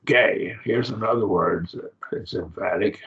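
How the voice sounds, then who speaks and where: A man's voice: lowish voice, a little slow, a bit bright, lo-fi sound. A man teaching a Bible class, explaining grammar step by step in a plain lecturing manner. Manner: plain, explanatory, with fillers and restarts.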